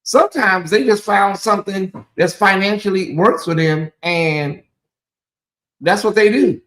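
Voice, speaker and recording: A man's voice: high-pitched, unhurried, fairly bright tone. Chatty Southern man hosting a livestream. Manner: chatty, talks straight to viewers, reads and answers chat. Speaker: livestream host. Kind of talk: casual livestream commentary.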